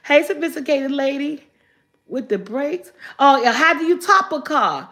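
In a relaxed live vlog, an older woman chats with viewers, reads their comments aloud and laughs often. Her high-pitched voice is expressive and sharp in tone, and she takes her time.

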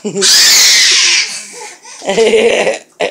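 A woman's voice: on the high side, big pitch swings, drawn-out words, gravelly, sharp tone, shouting, a little hiss or hum. An adult woman filming her young daughters at home, laughing often and cooing and cheering at the baby. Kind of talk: casual home video commentary.

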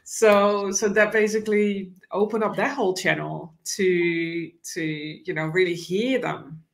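Woman guest telling a relaxed story. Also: fairly low pitch, unhurried, gravelly. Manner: relaxed storytelling with "you know" fillers. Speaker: animal communicator guest. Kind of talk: casual interview storytelling.

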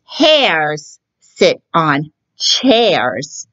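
A woman voicing a bossy know-it-all cat who talks slowly and matter-of-factly. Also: low-pitched, big pitch swings, fairly bright tone, dull audio, heavily acted. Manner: slow, drawn-out and matter-of-fact.

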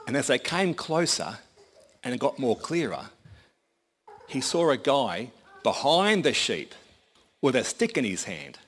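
A man's voice: fairly low pitch, lively intonation, normal speed, a bit bright, husky. A man preaching a sermon in a conversational, folksy storytelling manner.

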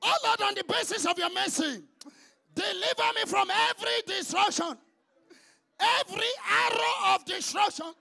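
A man leading prayer in a very high, gravelly voice, shouting fervent petitions in a chanting rhythm. His tone is sharp and piercing. Between prayers he drops into quieter exhortation. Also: normal speed. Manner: fervent, chanting repeated calls to the Lord. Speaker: prayer leader.

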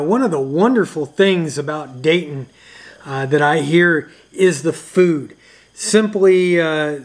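A man hosting a ham radio video, talking casually to camera with a loose, chatty manner and frequent pauses and uhs. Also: fairly high pitch.

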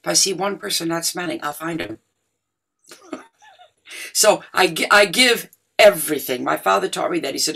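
Gravelly-voiced older woman. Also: lowish voice, moderate pace, long pauses, fairly bright tone. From Detroit, USA. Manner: chatty storyteller, laughs often. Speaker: guest musician. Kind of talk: casual interview chat.

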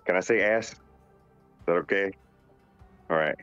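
A man from North Carolina, a voice actor reading out fan questions and answering them in a relaxed, joking way. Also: sits low, moderate pace. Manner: laid-back, joking, reads questions aloud. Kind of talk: casual live Q&A. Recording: dull lo-fi sound with faint music behind. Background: faint music.

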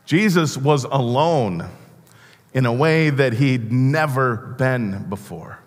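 A man preaching a sermon as pastor, earnest and halting, often restarting his words. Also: mid-range voice. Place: church sanctuary. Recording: long church reverb.

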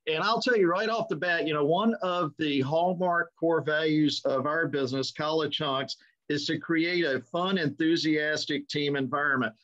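A middle-aged man hosts a relaxed interview with a fairly high voice for a man. He talks in an easygoing storytelling way, and the sound is dull and lo-fi. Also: moderate pace. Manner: easygoing storyteller, chuckles while recalling pranks. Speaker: podcast host. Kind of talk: conversational interview. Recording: dull lo-fi audio.

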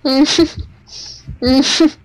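Slow-talking giggly gaming woman. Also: high-pitched, steady tone, dry recording, rough recording. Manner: short reactions, frequent laughs. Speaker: co-op gaming partner. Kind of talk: casual gameplay chat.

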